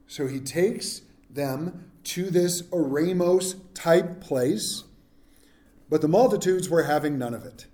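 A man preaching to his congregation with a fairly high, mellow voice. He talks in an easygoing, humorous way and keeps tossing questions to the listeners. The sound is roomy, with a clear echo around him. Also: slow pace. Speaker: pastor. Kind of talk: sermon.

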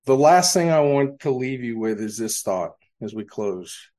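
In a church sanctuary, a male pastor preaches with an animated, somewhat dark tone at an ordinary mid pitch. He relies on rhetorical questions, pausing to let the congregation sit with each one before supplying the answer.

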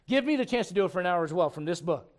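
A man's voice: sits high, animated, racing. A man preaching a sermon in an emphatic, conversational way, full of rhetorical questions.

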